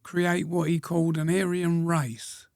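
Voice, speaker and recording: Gravelly, plain-spoken man of 100. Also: fairly high pitch, little pitch movement, a little mellow, no echo, clean studio sound. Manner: plain-spoken, slow storytelling, frequent pauses and throat-clearing. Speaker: guest, war veteran. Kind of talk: reminiscing interview answers.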